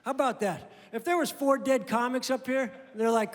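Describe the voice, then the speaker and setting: A man doing a stand-up comedy set on stage, with dry, deadpan delivery and acted-out dialogue. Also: very high-pitched, brisk, a little hiss or hum. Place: comedy venue stage before a live audience. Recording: roomy hall reverb, audible crowd laughter. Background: audience laughing.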